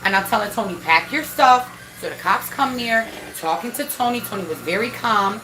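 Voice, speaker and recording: A woman casually telling a story about her son, animated and swearing freely as she acts out what people said. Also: medium pitch, moderate pace. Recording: echoey room with faint noise.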